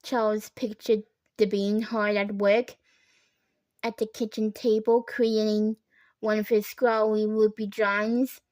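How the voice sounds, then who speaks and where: A woman narrating a children's chapter book aloud in an unhurried storytelling manner. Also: medium pitch, little pitch movement, a little mellow, no echo. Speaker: storybook reader.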